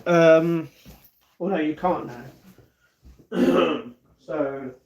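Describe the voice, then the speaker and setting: Young male streamer from England, casual and chatty, slightly high pitch. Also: drawn-out words, gravelly, very noisy. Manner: chatty, repeats phrases, reads chat aloud and answers. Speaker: live streamer. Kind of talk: casual livestream chat reading comments.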